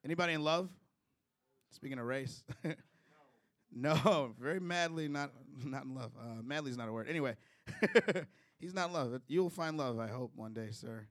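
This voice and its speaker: A man's voice: medium pitch, moderate pace, dry recording. A young man from Chicago doing a loose, chatty stand-up set with crowd work, chuckling through his own jokes. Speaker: stand-up comedian.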